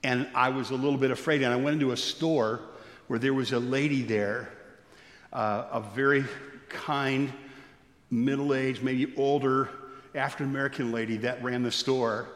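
A man preaching a sermon as pastor, swinging between loud rising exclamations and soft, low storytelling. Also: steady tone, moderate pace. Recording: echoey church hall with long reverb.

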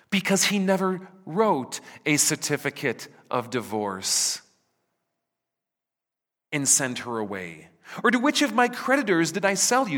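A man preaching a sermon, asking the listeners rhetorical questions and voicing God's words dramatically, at times sinking to a hush. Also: fairly high pitch. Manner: rhetorical questions, dramatic voicing of God, drops to hushed near-whispers. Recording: reverberant hall.

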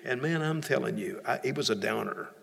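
A man's voice: mid-range voice, animated, brisk, vocal fry, a bit bright, husky, in a large hall. A male pastor preaching a sermon in a church, emphatic, often repeating and restarting phrases.

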